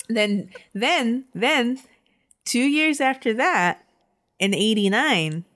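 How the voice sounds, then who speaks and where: A woman's voice: medium pitch, a bit bright. A woman podcast host recounting a true crime case in a conversational way, laughing now and then.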